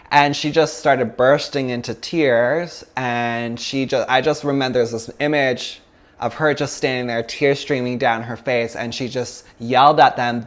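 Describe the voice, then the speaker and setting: A man's voice: medium pitch, measured pace, a bit bright. A man teaching a yoga class, talking in a loose, chatty way and telling stories with plenty of fillers. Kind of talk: casual talk to a yoga class.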